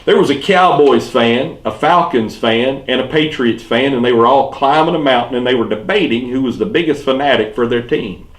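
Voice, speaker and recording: A man, a pastor with a Southern US accent, telling clean jokes and puns and dropping each punchline low and quiet. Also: normal speed, hardly any pauses. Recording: echoey room.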